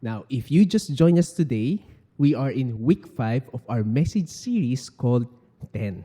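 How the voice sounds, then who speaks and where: A man with a Filipino accent preaching a sermon in a church hall, animated and acting out everyday exclamations. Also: medium pitch, measured pace. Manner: animated, switching between English and Tagalog, acting out exclamations. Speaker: pastor.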